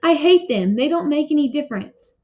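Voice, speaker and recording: A sulky, self-conscious young boy who whines as if close to tears, as a woman reads him. The voice sits fairly high. The recording is dull and lo-fi. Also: lively intonation, fairly quick. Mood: upset. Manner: whiny, near tears.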